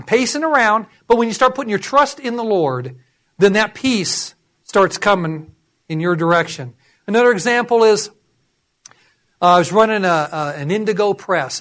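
High-voiced man preaching a lively sermon. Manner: animated storytelling, acts out voices. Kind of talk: sermon with personal testimony.

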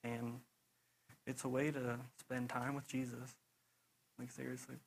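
A young man giving a casual sermon testimony, telling rambling, animated stories full of "you know" and quick laughs. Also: medium pitch, creaky, slight background noise, low-quality recording. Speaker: preacher.

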